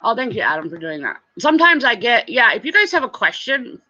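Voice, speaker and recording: A woman's voice: a little high, sing-song, fairly quick, bright, forceful tone, dull audio. A woman hosting a casual livestream, chatting with viewers and laughing often.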